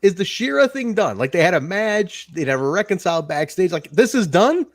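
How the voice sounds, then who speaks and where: Animated ranting man, dry close sound. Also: sits high, a little fast, no room sound. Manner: animated, ranting, swears freely. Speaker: podcast co-host. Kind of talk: casual wrestling review chat.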